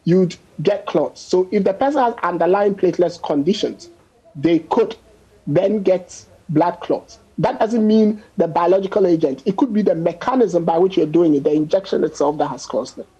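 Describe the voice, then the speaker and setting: A man's voice: sits high, normal speed, warm tone, slightly rough, muffled recording. A man, a doctor guest on a news panel, arguing his point emphatically with statistics and everyday examples. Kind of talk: panel discussion on a news show.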